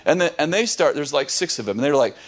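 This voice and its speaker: A man who is a pastor, telling a lively story on a podcast, laughing often and restarting his sentences. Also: a little high, quick pace.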